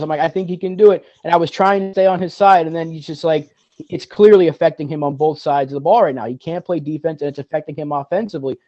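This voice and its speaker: A man co-hosting a podcast in casual sports chat, arguing in a frustrated rapid-fire way. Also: fairly high pitch, dark tone, no echo. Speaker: podcast co-host. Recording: dull, dry lo-fi sound.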